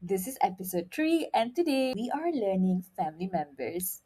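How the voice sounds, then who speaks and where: A woman's voice: medium pitch, big pitch swings, normal speed, crowd noise. A woman teaching a playful beginner Mandarin lesson and drilling words by repeating them. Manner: upbeat, drills words with rising repetition.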